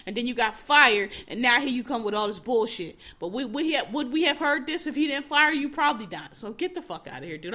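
A woman's voice: a little high, bright, forceful tone. Profane, heated woman ranting. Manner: sarcastic mocking impressions of others. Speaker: podcast host. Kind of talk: solo ranting podcast commentary.

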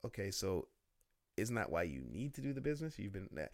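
A man talking as a guest in a casual interview, telling lively stories about business and laughing often. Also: fairly low pitch, a little fast, no echo, clean studio sound. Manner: storytelling, animated, laughs often.

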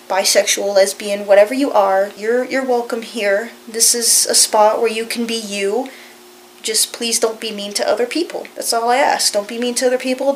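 A woman's voice: on the high side, a little hiss or hum, rough recording. A woman vlogger in casual chat, rambling earnestly and reassuringly with many filler phrases.

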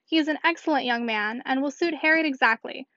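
Sure-minded young lady, high voice, dry dull recording, read by a woman. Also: a little fast, bright, forceful tone, no room sound. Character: clever young lady, confident and decided.

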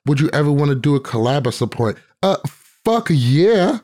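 A man's voice: a little high, very animated, normal speed, a little mellow. Profane, ranting male podcast host. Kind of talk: casual podcast chat.

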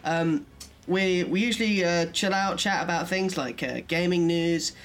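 A man from the UK co-hosting a casual podcast over a remote call, chatty and quick to laugh. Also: high-pitched. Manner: chatty, laughs easily, excitable. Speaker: podcast co-host. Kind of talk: casual chat.

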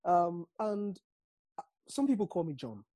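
Nigerian guy, husky voice, laid back and chatty, dry close sound. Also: high voice, very animated, a little slow, mellow, no echo. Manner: easygoing, chuckling, restarts often. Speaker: singer, guest. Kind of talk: casual interview chat.

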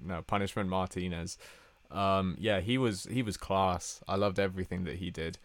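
Low-voiced young man, teasing. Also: fairly even intonation, normal speed. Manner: teasing, laughs often. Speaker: podcast co-host. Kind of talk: casual chat.

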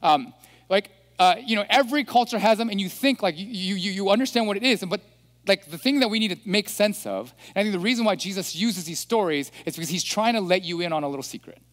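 A man's voice: high-pitched, lively intonation, fast talker, a bit bright. A man preaching a sermon as a pastor, chatty, often checking in with listeners. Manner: chatty, asks listeners questions. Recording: long hall reverb.

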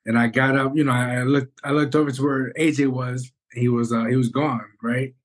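A man co-hosting a podcast, telling a story in an animated, rambling way and swearing often. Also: medium pitch, a little fast. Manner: animated, rambling, swears, says "bro" and "you know what I'm saying". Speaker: podcast co-host. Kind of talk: casual storytelling chat.

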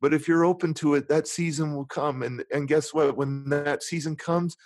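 A middle-aged man, a guest in a conversation, candidly telling a painful personal story in an earnest, emotional way, dropping low and quiet at the hardest moments and acting out his inner dialogue. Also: steady tone, moderate pace, no room sound. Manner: acts out inner dialogue in different tones.

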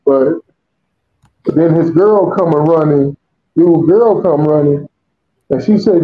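High-voiced man telling a profane story. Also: takes it slowly, long pauses. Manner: animated, profane storytelling with acted-out quotes. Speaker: podcast co-host. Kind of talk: casual storytelling chat. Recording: dull lo-fi audio.

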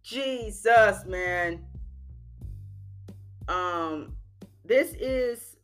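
A man's voice: sits high, extremely slow, fairly bright tone, faint music behind. A man hosting his own channel, talking casually with slang and loose phrasing. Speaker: channel host. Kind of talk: casual commentary.

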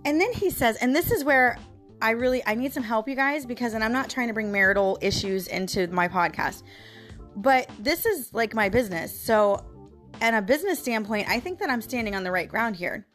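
A podcast host with a slightly high, fairly bright, expressive voice vents to her audio-blog listeners at a brisk pace, soft music playing behind her. Her casual monologue is emphatic and frustrated, spoken directly to the audience.

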